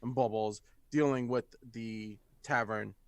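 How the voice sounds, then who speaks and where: A man running a tabletop game, narrating scenes in a measured, descriptive way. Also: medium pitch, fairly even intonation, dry recording. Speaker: game master.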